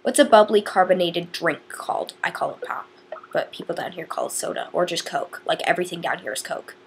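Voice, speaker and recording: A woman's voice: lowish voice, expressive, brisk, gravelly, slight background noise. A teenage girl from northern Indiana chatting to camera in a rambling, casual way with lots of fillers. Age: teens. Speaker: vlogger.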